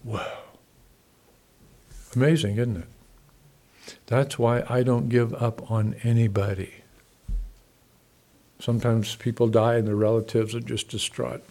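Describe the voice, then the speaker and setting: A man preaching a sermon, talking conversationally to his listeners, swinging from loud emphatic peaks to soft, quiet asides. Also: medium pitch, level tone, takes it slowly, pauses often. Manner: conversational, asks the congregation questions. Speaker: pastor.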